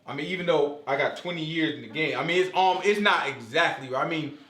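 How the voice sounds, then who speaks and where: A man leading a casual Bible study discussion, talking in an animated, joking, conversational way. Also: fairly high pitch, fast, roomy sound.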